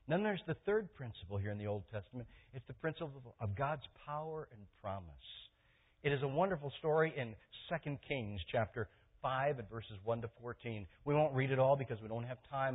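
Husky preacher man on a tinny line. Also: medium pitch. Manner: swings from loud impassioned preaching to soft intimate pleading. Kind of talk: sermon. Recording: tinny phone-like sermon recording.

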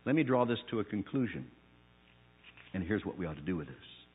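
A husky male pastor delivering a sermon, dropping to low, quiet asides, then rising to loud, emphatic preaching. He tells homespun stories from his own week. The sound is thin and narrow, as if over a phone line. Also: very animated, brisk, in a large hall. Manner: storytelling with personal anecdotes.

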